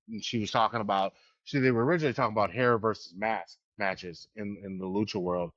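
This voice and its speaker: A man's voice: on the low side, fairly quick, hardly any pauses, fairly bright tone, no room sound. A man co-hosting a podcast, telling long rambling stories with laughs and curses in casual chat. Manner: rambling storyteller, swears, laughs often. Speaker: podcast co-host. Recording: dull dry lo-fi sound.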